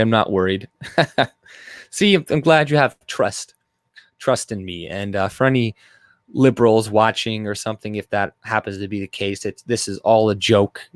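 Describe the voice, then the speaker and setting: A man's voice: on the low side, no echo, clean studio sound. A man hosting a live stream, rambling loosely through chat messages with crude, off-color jokes. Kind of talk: casual live-stream commentary.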